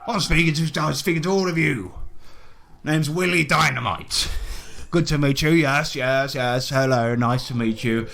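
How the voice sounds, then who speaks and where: A man's voice: on the high side, moderate pace, vocal fry, a bit bright. A man voicing a pompous, boastful male explorer who runs a zoo, rambling and swearing constantly. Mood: blustering.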